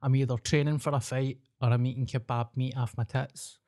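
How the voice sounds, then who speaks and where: Blunt sweary Scottish podcast host. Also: male voice, medium pitch, level tone, brisk, darkish tone. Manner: blunt, swears freely, open and jokey. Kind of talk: casual chat.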